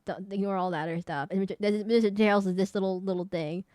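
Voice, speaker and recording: A woman's voice: medium pitch, steady tone, quick pace, a little mellow, no echo, clean studio sound. A woman streamer chatting casually as she ranks characters, rambling and correcting herself often. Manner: rambling, self-correcting, laughing. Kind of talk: casual live-stream commentary.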